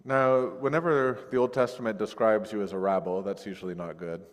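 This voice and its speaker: A male pastor giving a sermon in a conversational, lively way, recorded over a video call. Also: lowish voice, a little fast, big-room sound. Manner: conversational, animated when acting out quoted voices. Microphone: recorded via video call.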